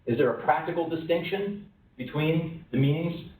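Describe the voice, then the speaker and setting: Speaking at a fairly high pitch and moderate pace, this man has a slightly mellow voice. He's giving a lunch-and-learn talk to a workplace audience, posing lots of questions and sometimes acting out quoted voices. The recording is roomy and distant, with faint room noise.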